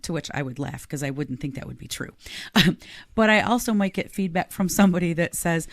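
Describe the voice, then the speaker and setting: A woman's voice: on the low side, animated, normal speed, dry recording. A woman podcast co-host and leadership coach, talking casually and earnestly and laughing easily.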